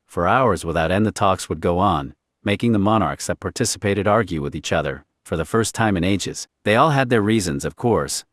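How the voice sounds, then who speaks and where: Low deep guy reading a story out, flat steady narration, dry sound. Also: normal speed, dry recording. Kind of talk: scripted narration.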